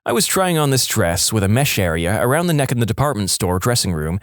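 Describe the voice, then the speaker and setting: A man's voice: lowish voice, fairly quick, dry recording, clean studio sound. A man reading internet stories aloud as a podcast narrator, telling them expressively. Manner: expressive storytelling. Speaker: story narrator.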